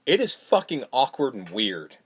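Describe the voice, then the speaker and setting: A man co-hosting a casual podcast, recapping a film, swearing freely and acting out scenes in quick put-on voices. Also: medium pitch, wildly swooping pitch, breathy edge. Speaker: podcast co-host.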